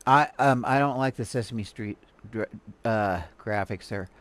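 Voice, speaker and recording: A man's voice: fairly low pitch, over loud music. An older man from Houston talks through a video in loose, casual commentary. He stops and restarts often and fills the gaps with ums. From Houston, Texas. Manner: chatty, halting with many fillers and restarts. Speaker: live streamer reacting to a video.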